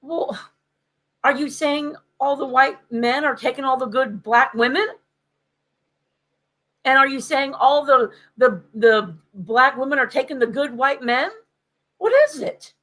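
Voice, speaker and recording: A woman co-hosting a podcast, telling a story in an animated, sarcastic way. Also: high-pitched, unhurried, pauses often, rough recording. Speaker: podcast co-host. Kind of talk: casual podcast chat.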